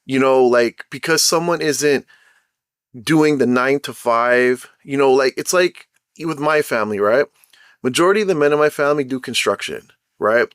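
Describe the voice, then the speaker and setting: A young man of Caribbean background giving casual commentary as a show host, animated, acting out quotes as he retells. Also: medium pitch, normal speed, clean tone, no room sound, studio quality.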